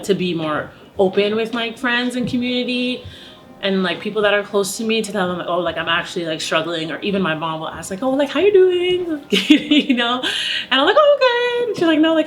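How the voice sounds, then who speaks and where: A woman's voice: on the high side, lively intonation, fairly quick, fairly bright tone, soft background music. A young adult woman, an opera singer speaking openly in a documentary interview, with many "like" fillers. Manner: open and reflective, heavy use of "like" as a filler.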